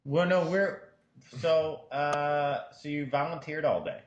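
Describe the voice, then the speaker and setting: A man's voice: on the high side, steady tone, slow, lo-fi sound. Guy hosting a podcast, teasing his friends, echoey room. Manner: teasing, jokey. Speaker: host. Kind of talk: casual chat. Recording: roomy sound.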